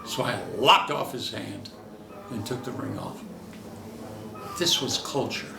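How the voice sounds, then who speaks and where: An older man, a veteran character actor, telling lively anecdotes from his career in an interview and acting out the voices in his stories. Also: fairly low pitch, takes it slowly, gravelly, echoey room, recorded from a distance, background noise.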